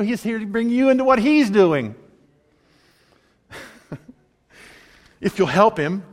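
Preacher guy, wry and chatty, a bit high-pitched, big church hall echo. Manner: conversational, wry, animated asides. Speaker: pastor. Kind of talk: sermon.

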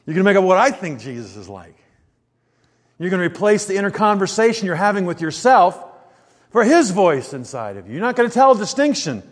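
A man preaching a conversational sermon, asking rhetorical questions and dropping quiet before lifting his voice again. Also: high voice, very animated, brisk. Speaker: pastor. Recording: long hall reverb.

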